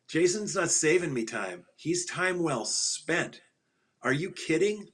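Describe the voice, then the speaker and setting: A man's voice: fairly high pitch, fairly bright tone. Emphatic middle-aged man, storytelling guest. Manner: emphatic, repeats punchlines, laughs at own jokes. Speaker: podcast guest, financial advisor. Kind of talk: animated interview storytelling.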